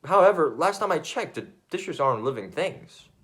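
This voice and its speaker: A man's voice: fairly high pitch, very animated, moderate pace, a bit bright. A man playing an awkward, hesitant reporter in a comedy news sketch. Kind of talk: mock news interview.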